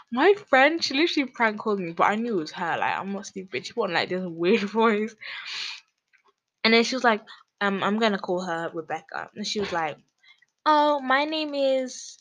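A woman's voice: mid-range voice, expressive, fairly quick, a bit bright, low-quality recording. A woman hosting her own podcast, rambling casually in slangy, self-mocking talk. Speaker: podcast host.

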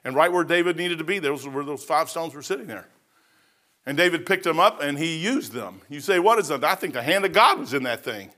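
A man preaching a folksy, storytelling sermon as pastor, dropping to a hush and rising to shouts. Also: fairly high pitch, animated, fairly quick. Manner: says "man" often.

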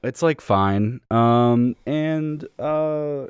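A man's voice: mid-range voice, very slow, clean tone, dry recording. A young man co-hosting a casual chat, rambling and hesitant with lots of fillers. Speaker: podcast co-host.

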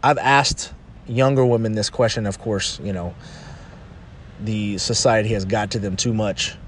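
A man's voice: fairly low pitch, steady tone, a little slow, slight background noise. A man talking through casual advice in a loose, rambling way, often adding "you know" and restarting his sentences.

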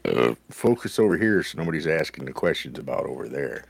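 A man with a very deep, gravelly voice that swings widely up and down as he talks. He speaks slowly in crude, profane banter and laughs often as he co-hosts a casual chat. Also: sing-song. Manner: former bar-band musician. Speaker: podcast co-host.

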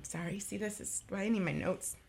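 Speaking a little fast with vocal fry, her mid-range voice a little mellow and slightly rough, a thirtysomething attorney gives an emotional interview in a radio studio. Her talk is impassioned and emphatic, with phrases repeated for force.

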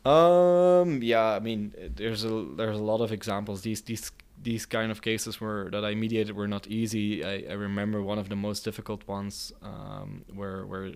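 A man with a fairly low, clear and smooth voice answers an interviewer's questions about mediating conflicts. He speaks thoughtfully and hesitantly, often restarting his sentences. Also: steady tone, normal speed, few pauses, darkish tone. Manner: hesitant, many restarts and fillers.

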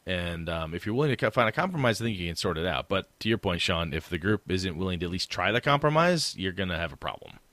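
A man's voice: deep voice, fast, few pauses, no room sound. A man co-hosting a tabletop gaming podcast, chatting casually and acting out what players and game masters might say. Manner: animated, acts out quoted players and game masters. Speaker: podcast co-host. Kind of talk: casual chat.

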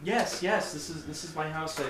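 A man's voice: a little high, moderate pace, roomy sound, noisy background, voice pushed up, lightly acted. A man voicing a scared young farm girl who has been crying, stammering as she pleads for help. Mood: shaky stammering. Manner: shaky, stammering, breathless pleading.

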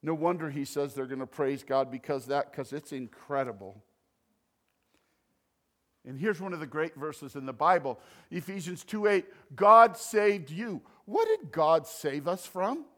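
A man preaching a sermon as pastor, animated, swinging between loud emphasis and quiet asides. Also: on the high side, measured pace.

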